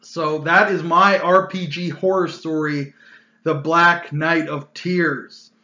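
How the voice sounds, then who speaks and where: A man's voice: on the high side, fairly even intonation, takes it slowly, bright, forceful tone, echoey room, dull audio. A man hosting his own channel, telling a tabletop gaming story in a casual, exasperated rant full of loose fillers.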